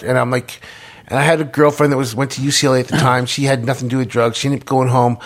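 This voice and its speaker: A man's voice: medium pitch, little pitch movement, fast talker. A middle-aged man telling his story in a casual interview, stumbling over repeated words and restarts. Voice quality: gravelly, husky, many repeated words and restarts.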